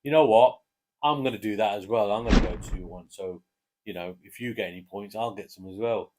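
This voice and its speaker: A man with an English accent casually chatting through football match predictions, relaxed and hesitant with fillers. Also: lowish voice, brisk, background noise. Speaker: co-host giving match predictions. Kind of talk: casual chat.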